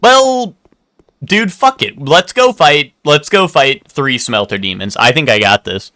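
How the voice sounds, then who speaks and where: A man's voice: fairly high pitch, animated, measured pace, pushed and bright, no room sound. A man streaming a game live, chatting casually with a rambling, swearing, laughing manner. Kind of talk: casual live gameplay commentary.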